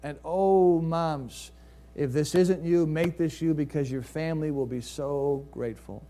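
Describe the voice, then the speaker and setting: Slightly high and a bit slow, a pastor's voice carries a sermon that unfolds as a story. He poses rhetorical questions to the congregation while swinging from lively peaks into soft, hushed lows.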